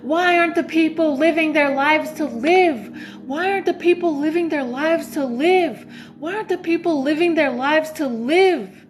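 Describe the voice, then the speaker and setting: A woman's voice: high-pitched, moderate pace, slight background noise, pitched above the performer's own voice, lightly acted. A woman putting on a desperate man from a dream who urgently pleads and repeats his questions. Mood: frustrated pleading.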